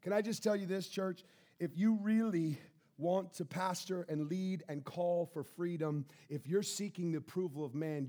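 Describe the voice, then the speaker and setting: A pastor preaching a sermon in a church, impassioned, swinging between loud and hushed. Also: male voice, fairly high pitch.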